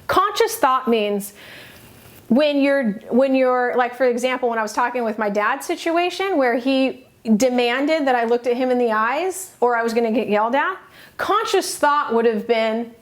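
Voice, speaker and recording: A middle-aged woman coaching, earnest and emphatic, pausing between short phrases. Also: fairly high pitch, animated. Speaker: self-help coach. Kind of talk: motivational teaching talk.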